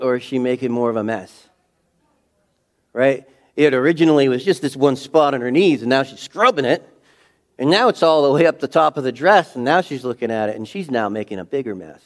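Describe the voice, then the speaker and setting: A middle-aged man preaching a sermon in a conversational way, full of rhetorical questions, swinging between loud emphasis and hushed moments. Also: mid-range voice. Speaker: pastor.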